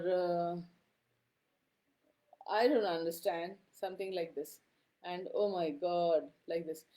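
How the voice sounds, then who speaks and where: A middle-aged woman teaching a class. She talks in a loose, conversational way, filling pauses with "uh" and "um" and often checking in with her students with a quick "okay?". Her voice sits in an ordinary middle range. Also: medium pitch, darkish tone. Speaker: lecturer. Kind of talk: classroom lecture.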